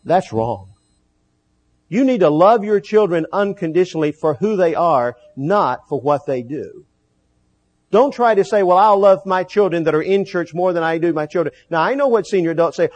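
A man preaching a sermon, earnest, slowing down to stress key phrases. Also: high-pitched, expressive.

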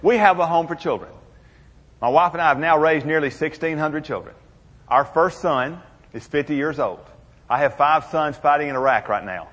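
A man's voice: on the high side, normal speed, a bit bright. Older man, folksy speaker with jokes, lo-fi recording in a reverberant hall. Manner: folksy, humorous, drawling storyteller. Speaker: motivational speaker. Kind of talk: storytelling speech to an audience. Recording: muffled, echoey hall.

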